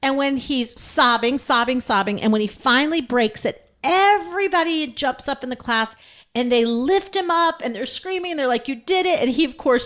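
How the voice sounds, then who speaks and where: A woman tells a story in a podcast chat, earnest and emphatic. Her voice sits a little high, and she builds each point with conviction. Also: fairly bright tone. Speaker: podcast co-host.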